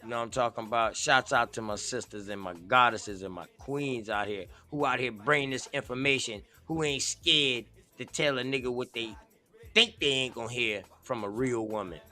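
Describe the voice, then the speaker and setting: A man hosts a loose online conversation, spinning stories in a relaxed, slangy way. His voice sounds bright and forward, with faint music under it. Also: mid-range voice, moderate pace. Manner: loose storytelling with laughs and slang. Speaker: host. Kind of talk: casual group chat.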